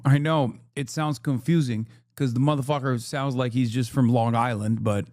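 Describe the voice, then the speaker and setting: A man's voice: medium pitch, steady tone, moderate pace, darkish tone, dry recording. A man reacting to a news clip as a streamer, talking in a heated, sarcastic and profane way. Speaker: streamer commentator.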